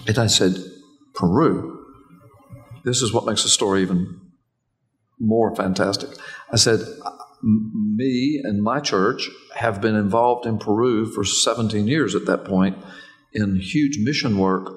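An older man from Florida, a pastor, telling a story in a sermon with animated, repetitive narration. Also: on the low side, a little slow, soft background music, poor audio.

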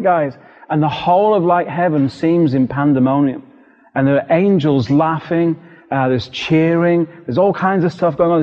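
A middle-aged British man preaching a sermon, telling a personal story in an animated, vivid way. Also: on the high side. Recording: dull lo-fi recording with long hall reverb.

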